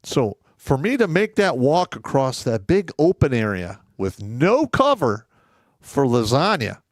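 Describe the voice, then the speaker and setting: A man co-hosting a casual podcast, telling profane war stories with loud outbursts. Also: mid-range voice, very animated, unhurried, no echo, clean studio sound. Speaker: co-host; former first sergeant.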